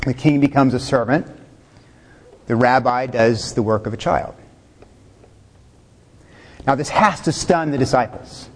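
A man's voice: medium pitch, unhurried, long pauses, long reverb tail. A male pastor preaching a sermon in a conversational way, asking the listeners questions and chuckling now and then.

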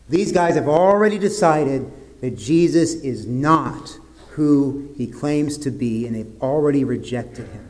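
A man's voice: on the high side, measured pace. Man preaching an earnest sermon. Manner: earnest preaching, drops to soft grave tones. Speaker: pastor.

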